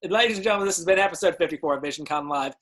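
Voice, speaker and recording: A man's voice: sits high, rapid-fire, a bit bright. A man hosting an online show, with an upbeat, emphatic sign-off patter. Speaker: host.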